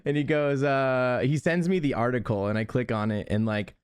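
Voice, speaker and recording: Animated young man spinning a story. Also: mid-range voice, moderate pace, clear, resonant tone. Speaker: podcast co-host. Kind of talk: casual storytelling.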